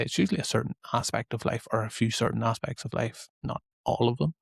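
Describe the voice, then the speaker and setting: A man's voice: medium pitch, creaky, slightly rough, no room sound. A man with an Irish accent, hosting a podcast and giving casual self-help advice in a loose, repetitive way. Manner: conversational, loose and repetitive phrasing. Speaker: podcast host and coach.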